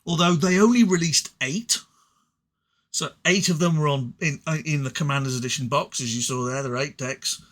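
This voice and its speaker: A man's voice: mid-range voice, a bit bright. An English man with an English accent reviewing card game cards in a rambling, self-deprecating way with frequent stuttered restarts. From England. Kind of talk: casual solo review.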